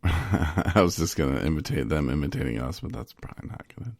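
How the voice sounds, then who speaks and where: Low gravelly man joking on a podcast. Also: sing-song, fairly quick, dry recording, studio quality. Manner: joking, rambling, self-interrupting. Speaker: podcast co-host. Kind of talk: casual podcast chat.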